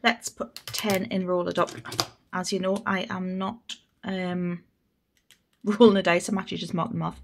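A woman's voice: lowish voice, flat delivery, moderate pace. A young woman with a Geordie accent, chatting casually and thinking aloud as she sorts cash for her budget. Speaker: budgeting vlogger host. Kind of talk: casual vlog chat while cash stuffing.

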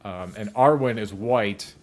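A man's voice: fairly low pitch, a little slow. Profane young man chatting over gameplay. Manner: loose, profane, laughs often, slips into exaggerated quoted voices. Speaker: YouTube host reacting to a video while gaming. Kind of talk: casual reaction chat.

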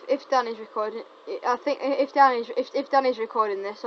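A woman giving casual, teasing gameplay commentary, excitable and often stumbling over her words. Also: on the high side. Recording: dull lo-fi recording with faint noise.

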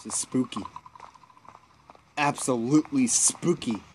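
A man giving casual let's play commentary, excitable and jumpy, swearing when startled. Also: medium pitch, unhurried, a little hiss or hum. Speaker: gameplay commentator.

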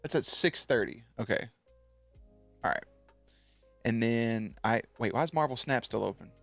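A man's voice: mid-range voice, animated, normal speed, creaky, a bit bright, no echo, faint music behind. A man streaming live, chatting loosely and swearing as he tells a story to his viewers, with many restarts.

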